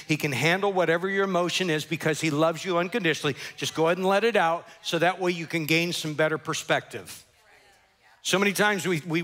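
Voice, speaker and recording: A man's voice: on the high side, a bit bright. A male pastor preaching a sermon, telling a story animatedly and acting out characters and sound effects.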